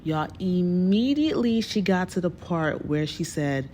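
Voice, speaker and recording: Female host, personal storytelling, animated delivery. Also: lowish voice, a little slow, a little hiss or hum. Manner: animated, addresses listeners as y'all. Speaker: podcast host telling her story.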